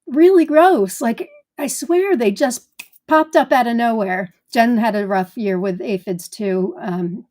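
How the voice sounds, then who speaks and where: A woman's voice: fairly high pitch, measured pace, darkish tone. A woman hosting a live gardening stream in casual chat, greeting viewers by name in a chatty way.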